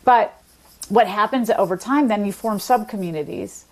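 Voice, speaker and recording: A woman speaking as an expert guest in an interview, explaining how regional accents form. She is articulate and methodical, laying out each point with examples in a voice of ordinary pitch. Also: normal speed. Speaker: linguist guest.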